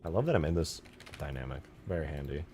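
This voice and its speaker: A man's voice: very deep voice, animated, quick pace, a little mellow, a little hiss or hum. A young man streaming his game modding, chatting casually and profanely as he rambles and answers chat. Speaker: live streamer, game modder. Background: faint music.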